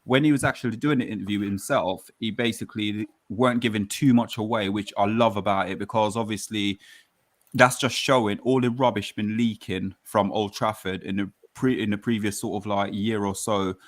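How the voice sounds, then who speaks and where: A man's voice: lowish voice, fairly even intonation, moderate pace, no echo. A man hosting a casual panel chat, enthusiastic and rambling. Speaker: panel host.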